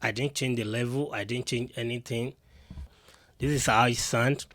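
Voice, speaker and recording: Man, mid-pitched, chatty gear demo to camera, dry close mic. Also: fairly even intonation, normal speed, fairly bright tone, no room sound. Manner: repetitive, talks to viewers directly. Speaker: tech reviewer.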